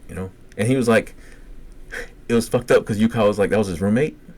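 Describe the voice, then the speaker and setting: A man's voice: on the low side, fast. Profane Cajun man telling a story. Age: middle-aged. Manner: profane, animated storyteller acting out quotes. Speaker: podcast co-host. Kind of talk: casual storytelling chat.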